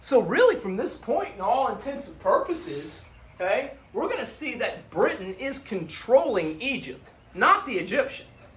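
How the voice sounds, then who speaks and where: A man's voice: extremely high pitch, big pitch swings, unhurried, fairly bright tone, slight background noise. A male history teacher lecturing in a conversational way, checking in with the class often. His voice swings widely and animatedly, rising and falling as he stresses points. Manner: conversational, frequent "okay?" and "look" check-ins.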